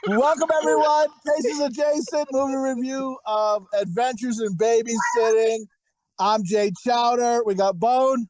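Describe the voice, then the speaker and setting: A man hosting a podcast, crude and swearing constantly, laughing loudly in casual chat. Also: very high-pitched, steady tone, unhurried, dry recording, low-quality recording. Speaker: podcast host.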